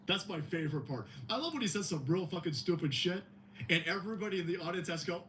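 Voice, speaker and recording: Male host, profane mocking rant, high and animated. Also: brisk, slight background noise. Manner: mocking, heavy swearing, animated. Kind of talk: profane comedic rant on a livestream.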